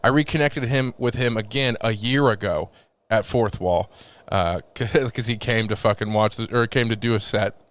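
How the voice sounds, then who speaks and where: A man's voice: on the low side, normal speed, a bit bright. A man who is a comedian, telling rambling stories in a casual podcast chat, swearing often and restarting his sentences.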